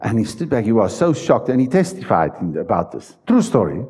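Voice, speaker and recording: A man's voice: mid-range voice, big pitch swings, brisk, warm tone, husky. A man preaching a sermon in a church, stressing his points and putting questions to the congregation. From South Africa. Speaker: pastor.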